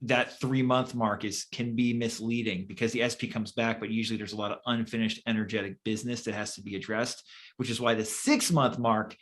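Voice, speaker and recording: A man's voice: lowish voice, fairly even intonation, a little fast, a bit bright. A man co-hosting a casual chat as a manifestation coach, blunt and swearing casually, with lots of fillers.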